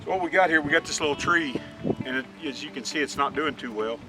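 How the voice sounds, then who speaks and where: A man's voice: on the high side, fast talker, over loud music, poor audio. A man casually explaining outdoor homestead work in an easygoing, plainspoken way, with frequent restarts. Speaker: homesteader showing his work.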